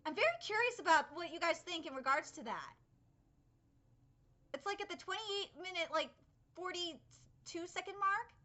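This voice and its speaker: A young woman hosting a live anime reaction, excitable and rambling, swearing freely as she comments. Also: extremely high pitch, moderate pace, long pauses.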